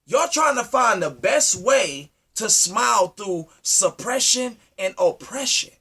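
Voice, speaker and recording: A man delivering an impassioned, preachy monologue, firing rhetorical questions at his listeners and swinging from loud to low. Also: expressive, slow pace, breathy edge. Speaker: speaker addressing his community.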